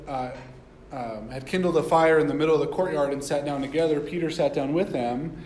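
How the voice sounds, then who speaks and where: A man's voice: fairly high pitch, roomy sound, slight background noise, rough recording. A man preaching a sermon, reading scripture aloud and explaining it in a conversational way, often asking the listeners questions. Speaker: pastor.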